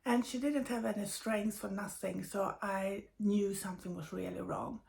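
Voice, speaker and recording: A middle-aged woman with a gravelly, creaky edge to her voice tells a painful family story at a middle pitch. She sounds tired and grieving, and speaks haltingly with frequent pauses and fillers. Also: steady tone, darkish tone. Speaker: medium sharing personal news. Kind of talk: personal storytelling.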